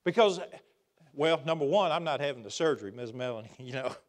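A man preaching a sermon in a church, swinging between loud emphatic outbursts and quiet asides. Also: mid-range voice, lively intonation, brisk. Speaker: pastor. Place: church sanctuary.

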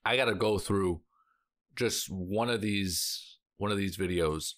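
A man's voice: deep voice, slow pace, a bit bright. A man talking casually to his viewers as a reaction vlog host, rambling with lots of "like" fillers and emotional sighs and exclamations. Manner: rambling, heavy use of filler "like".

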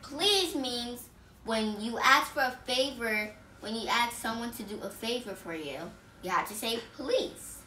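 Woman vlogger, earnest and simple, bright voice, faint room noise behind. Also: fairly high pitch, distant mic. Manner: simple, earnest explaining with restarts. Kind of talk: casual explainer vlog. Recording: echoey room, voice off the mic.

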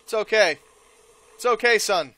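A man doing gameplay commentary, with loud exaggerated outbursts, yelling and groaning as his character dies. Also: high-pitched, unhurried. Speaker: let's player.

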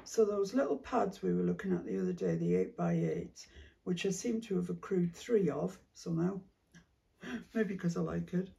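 A woman chatting casually as she sorts fabric for a craft vlog, musing aloud and dropping into soft whispered asides, with a cough now and then. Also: fairly low pitch, big pitch swings, normal speed, vocal fry, far from the mic. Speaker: craft vlogger. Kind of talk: casual chat while sorting fabric.

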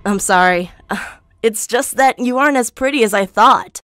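A woman's voice: on the high side, normal speed, fairly bright tone, soft background music, lightly acted. A woman voicing a charming young male celebrity who talks in a breezy, teasing way.

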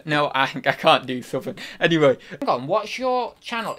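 A young man streaming live, talking straight to his viewers in a loose, rambling way. He tosses out jokes and random facts between chatter, and his voice sits a touch higher than most men's. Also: big pitch swings, moderate pace, few pauses, a bit bright. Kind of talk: casual live-stream chat.

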